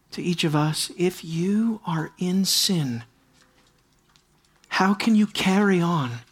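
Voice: mid-range voice, husky. An earnest preacher delivering a verse-by-verse sermon. The delivery is emphatic, with key lines said twice for weight and frequent rhetorical questions aimed straight at the listeners. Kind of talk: expository sermon.

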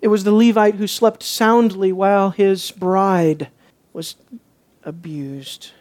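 A man preaching an expository sermon. He asks rhetorical questions, swings between hushed and emphatic, and turns sarcastic when mimicking others. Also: sits high, fairly even intonation, slow.

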